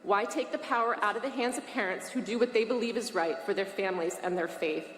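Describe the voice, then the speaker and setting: A woman's voice: medium pitch, fast talker, fairly bright tone. An earnest woman in her forties reads a formal, emotional statement to a legislative committee. Her voice sits in the middle range. The sound carries a long hall echo with a faint hiss underneath. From Massachusetts, USA. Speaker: parent testifying at a public hearing. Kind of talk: reading prepared testimony. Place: large state legislative hearing room. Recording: echoey hall from mid distance, faint hiss.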